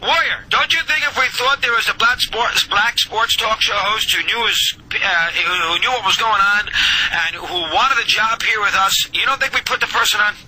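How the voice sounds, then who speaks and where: A man's voice: sits high, moderate pace, sharp tone, poor audio. A man hosting a sports talk radio show, arguing with a caller through exasperated, rambling questions. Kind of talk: on-air exchange with a caller.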